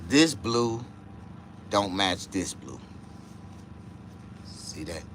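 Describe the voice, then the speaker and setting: A man hosting a casual livestream chat, rambling and profane, dropping to low mutters and jumping to high excited outbursts. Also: very slow, a little hiss or hum. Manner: profane, rambling street talk. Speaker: livestream host.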